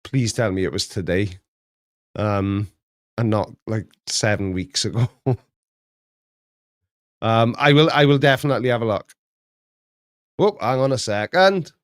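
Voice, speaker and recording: A man's voice: fairly low pitch, unhurried, pauses often, dry recording, studio quality. A middle-aged man hosting a casual live chat, joking, laughing often and reading out viewer messages. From Wales. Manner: jokey, laughs often, reads chat aloud. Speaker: livestream host.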